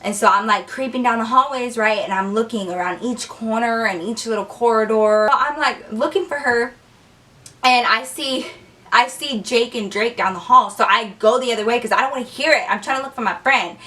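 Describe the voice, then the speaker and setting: A young woman telling a story in a casual, animated way, cursing freely and saying "like" a lot. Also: fairly high pitch, normal speed, recorded from a distance. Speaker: vlogger.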